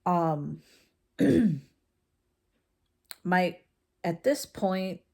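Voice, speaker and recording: Mom vlogger, low gravelly voice, unhurried, halting, frank storyteller. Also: female voice, animated, a little mellow. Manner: slow, halting, with many fillers and restarts; frank and conversational. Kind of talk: casual personal storytelling.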